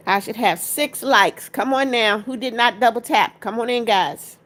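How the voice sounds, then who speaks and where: A woman hosts a casual livestream. Her voice sits a little high. She greets each viewer by name, reads comments out and keeps urging people to tap likes. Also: normal speed, fairly bright tone. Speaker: livestream host.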